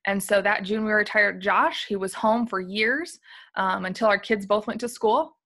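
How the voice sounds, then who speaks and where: A woman in her thirties, originally from Flint, Michigan, speaks as an interview guest. She talks candidly and with feeling about her journey, laughing now and then and filling her pauses with "um" and "like.". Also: medium pitch, sharp tone. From Flint, Michigan, USA. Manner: candid and emotional, laughs often, many fillers. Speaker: interview guest, company field liaison. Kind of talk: conference interview, personal story.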